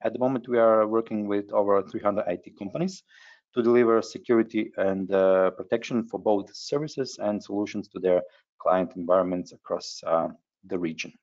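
Low-voiced man hosting a webinar, halting. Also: fairly even intonation, darkish tone. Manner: halting, frequent hesitations. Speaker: webinar host. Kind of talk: webinar presentation. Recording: dull lo-fi webinar audio.

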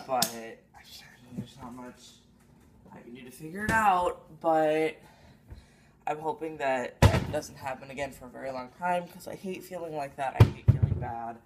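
A man's voice: medium pitch, expressive, measured pace. Young man rambling into a vlog camera. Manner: rambling, venting, frequent "like". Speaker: vlogger. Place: home, then out and about. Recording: noisy background.

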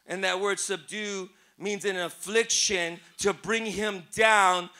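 Man, preacher, very high voice, piercing bright tone, emotional sermon, hushed to shouting. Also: fairly even intonation, takes it slowly. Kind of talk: impassioned sermon. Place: church service before a congregation.

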